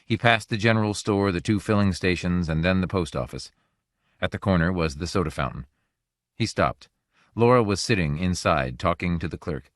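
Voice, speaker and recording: A male audiobook narrator reading a story in a measured, even way. His voice is low and deep, recorded close in a dry booth. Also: no echo. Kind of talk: scripted narration.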